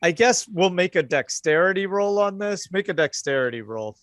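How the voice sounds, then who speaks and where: A man narrating as game master of a tabletop horror game, relaxed and rambling. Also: high-pitched, normal speed, no room sound, studio quality.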